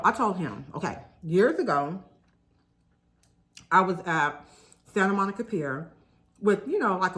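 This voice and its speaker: Brief: young adult woman, mukbang vlogger, lower voice, animated and chatty, says y'all to the audience. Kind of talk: casual storytelling while eating.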